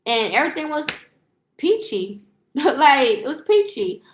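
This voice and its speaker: A woman with a fairly high voice tells a rambling storytime rant to her viewers. She curses freely and trips over fillers and restarts. The sound bounces around an echoey room. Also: big pitch swings, a little slow, slight background noise. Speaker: lifestyle vlogger and livestreamer.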